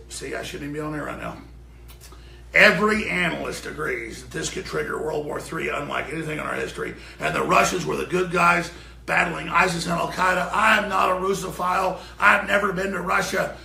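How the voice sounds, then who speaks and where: A man, a show host, ranting furiously and profanely off air in a broadcast studio before going live, often shouting. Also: on the high side, fairly quick, vocal fry, roomy sound, a little hiss or hum. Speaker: radio and web show host.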